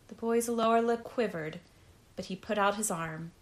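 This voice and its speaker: A woman reading a story aloud as narrator, in a measured, even way. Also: mid-range voice. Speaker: audiobook narrator. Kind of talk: scripted narration.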